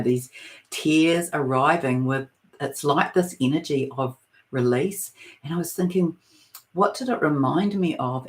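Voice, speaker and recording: A woman from New Zealand with a New Zealand accent, giving a spiritual talk on a livestream in a soft, meandering way, with many pauses. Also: deep voice. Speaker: spiritual channeler. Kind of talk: live-streamed spiritual talk.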